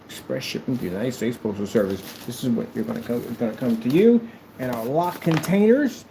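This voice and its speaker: A man's voice: medium pitch, lively intonation, fairly quick, creaky, background noise. A man presenting a product in a casual demo video, talking in a playful, exaggerated sales manner.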